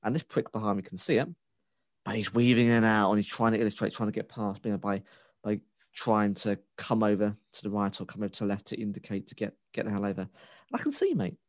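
A man talks in a low voice, swearing freely and ranting as his sentences restart and wander. The recording is dry and close, with no room sound. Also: level tone, fast, dry recording. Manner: rambling with restarts and fillers. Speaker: podcast co-host. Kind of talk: casual chat.

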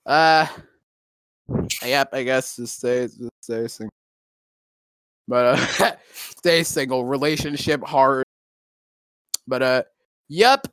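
A man's voice: mid-range voice, slow, long pauses, fairly bright tone, clear, resonant tone, no room sound. A young man telling a story in casual chat, rambling and profane with many fillers and restarts. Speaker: co-host.

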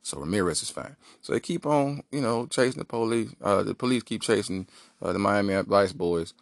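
A man's voice: on the low side, animated, normal speed, creaky, no room sound, clean studio sound. A man hosting a podcast, telling a rambling comic story with lots of asides. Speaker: podcast host. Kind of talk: comedic monologue.

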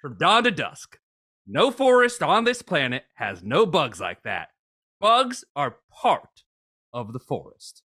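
A man's voice: on the high side, huge pitch swings, slow pace, sharp tone, breathy edge, heavily acted. A man putting on the voice of a folksy, indignant old backwoods bushwhacker in a comic reading. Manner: folksy, exclaiming, bursts into laughter.

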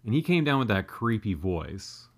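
A man's voice: on the low side, very animated, moderate pace, slightly rough. A man in his thirties telling a comedic, profane, self-deprecating childhood story as a podcast host.

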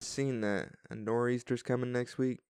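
A man's voice: medium pitch, steady tone, moderate pace, darkish tone, clean tone, dry recording. A man co-hosting a podcast in casual chat, easygoing and joking with dry humor. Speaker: podcast co-host.

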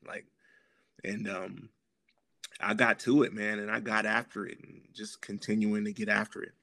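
A man with a fairly low voice tells his story as a podcast guest, loose and full of slang, often stopping to clear his throat. The sound is dry and close, with no room around it. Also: level tone, moderate pace, sharp tone, dry recording. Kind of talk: casual storytelling conversation.

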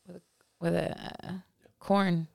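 Woman co-host, lowish gravelly voice, casual swearing chatter, laughs a lot. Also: level tone, a little slow, no room sound, studio quality. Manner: laughs often, swears freely. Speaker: podcast co-host. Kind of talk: casual chat.

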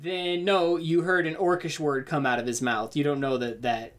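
A man as game master, narrating a tabletop game in a relaxed, amused way. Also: on the high side, moderate pace.

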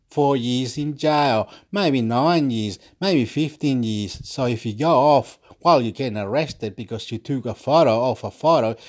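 A man's voice: medium pitch, a little mellow. A man rambling through an aggressive, profane and repetitive monologue. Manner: breaks into laughter.

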